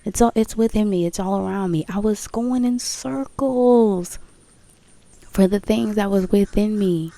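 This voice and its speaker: A woman's voice: medium pitch, unhurried, mellow, dry recording. A woman talking candidly to her viewers about her spiritual path, emphatic, repeating phrases, swearing and laughing. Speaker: spiritual vlogger. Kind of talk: casual spiritual talk to viewers.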